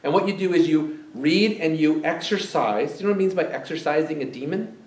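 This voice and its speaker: Preaching in a church sanctuary, a man keeps his sermon conversational and full of questions for the congregation. His slightly high voice is brisk with a darkish tone, captured by a far-off mic in an echoey hall.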